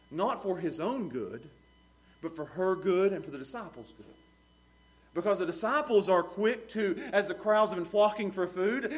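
A middle-aged man preaching with a high, lifted voice. He swings between hushed asides and loud, pleading outbursts, acting out the people in his story. His delivery is lively and theatrical. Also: husky. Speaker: pastor. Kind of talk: sermon.

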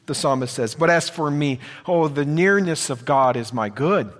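A man's voice: on the high side, normal speed, few pauses. A man preaching a sermon in an earnest way, repeating phrases for emphasis. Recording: long hall reverb.

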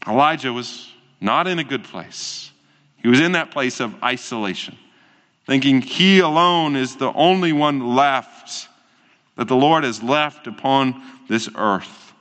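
A man preaching in a deliberate, unhurried way, leaving pauses between his phrases. His voice sits in a middle range and rings with a long hall reverb. The delivery stays earnest and steady. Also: medium pitch. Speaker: pastor. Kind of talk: sermon.

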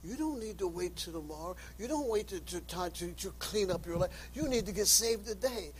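With lively intonation and a husky voice, a man preaches fairly quickly with hardly any pauses, reading scripture aloud in King James wording, calling out to sinners, and rising to high, impassioned shouts. It's a low-quality recording.

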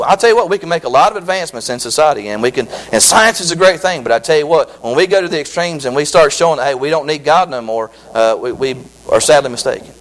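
A man preaching a sermon as pastor, who repeats his phrases for emphasis and slows down when he reads scripture. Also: on the high side, rough recording. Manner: slow drawn-out scripture reading.

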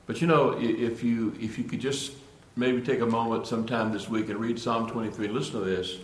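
A man's voice: medium pitch, steady tone, fairly quick. A man preaching a sermon with earnest emphasis, often repeating and restarting phrases before building to emphatic points. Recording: echoey room.

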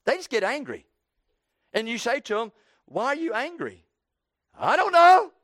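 High-voiced fervent preacher man. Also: huge pitch swings, normal speed, no room sound, clean studio sound. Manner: fervent, repetitive, swings from soft to shouting. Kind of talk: sermon.

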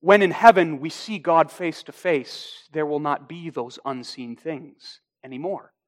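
A male pastor with a voice on the high side preaches a sermon, deliberate and emphatic, slowing down to stress key phrases.

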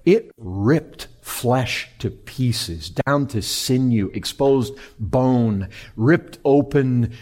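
A man preaching a sermon, animated, swinging between loud high emphasis and quiet low lines. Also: drawn-out words. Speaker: pastor.

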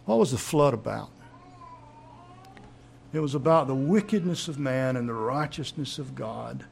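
A man's voice: mid-range voice, expressive, unhurried, gravelly, a little hiss or hum. A man preaching a sermon, teaching in an emphatic way and asking rhetorical questions.

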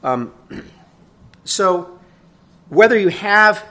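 Speaking extremely slowly in a high-pitched, animated voice, a pastor delivers a sermon like a conversational lesson. He keeps checking in with "right?", swelling loud for emphasis and then dropping to a soft tone.

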